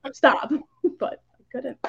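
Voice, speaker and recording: A woman's voice: medium pitch, a little fast, a crowd in the background. Woman podcast guest, casual storytelling, lots of "like", dull lo-fi sound. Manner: chatty, many "like" fillers, acts out quoted lines.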